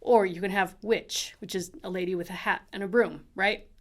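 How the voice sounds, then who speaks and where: A woman's voice: mid-range voice, steady tone, a little fast. Woman, voice teacher, upbeat, chatty, explaining to students. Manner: upbeat, chatty, often checks in with "right?". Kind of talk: lesson on singing diction.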